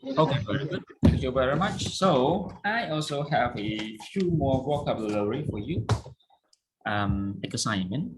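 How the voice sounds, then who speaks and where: The voice is a man teaching English over a video call, with a Cambodian accent and a mid-range pitch. He explains words patiently and drills stress and pronunciation. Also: expressive, a little slow, background noise. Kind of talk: online English lesson.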